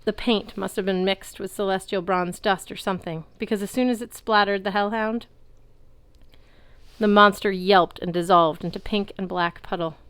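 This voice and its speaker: A woman reading a novel aloud in a lively way, belting out the characters' shouts. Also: medium pitch, moderate pace, clear, resonant tone, dry recording. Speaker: audiobook reader.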